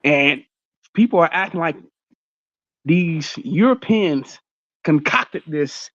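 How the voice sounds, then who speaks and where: A man with a fairly high voice argues his point in an animated way on an online panel. His call audio is dry and a little dull. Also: slow pace, dry recording. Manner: animated, argumentative. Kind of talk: casual panel chat.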